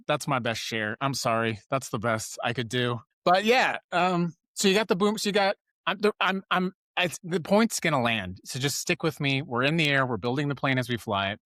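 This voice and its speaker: A man's voice: mid-range voice, normal speed, few pauses, fairly bright tone, no echo, clean studio sound. A man hosting a live news commentary show, riffing sarcastically and breaking off his own sentences. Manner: sarcastic, riffing, self-interrupting. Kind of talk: rambling political commentary.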